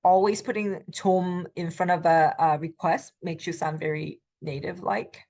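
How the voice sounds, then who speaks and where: A middle-aged woman teaching a recorded language lecture, patiently explaining with frequent ums, alternating slow English with quick example phrases. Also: on the low side, steady tone, darkish tone. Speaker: Korean language instructor.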